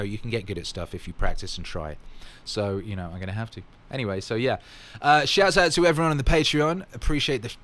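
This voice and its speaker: A man's voice: mid-range voice, fairly bright tone. A man casually answering fan questions in his vlog, rambling and upbeat with plenty of fillers.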